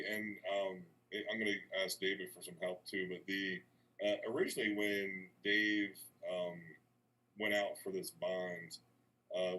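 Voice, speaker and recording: A man answers a budget question at a remote school meeting. His voice is low and flat, and he hesitates with many fillers. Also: low-quality recording. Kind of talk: virtual public meeting.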